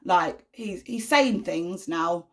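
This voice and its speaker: A woman's voice: lowish voice, animated, slow pace. A young woman, a mother, chatting casually to camera with lots of fillers and repeated "you know what I mean". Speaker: vlogger, mother of an autistic son.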